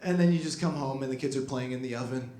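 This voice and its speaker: A man's voice: mid-range voice, quick pace, warm tone. A young man doing a stand-up set in a comedy club, rambling and self-deprecating with lots of fillers. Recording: roomy club with crowd laughter.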